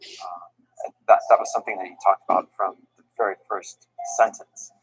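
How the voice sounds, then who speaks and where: Low husky man, earnest interview. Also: steady tone, a little fast, no room sound, rough recording.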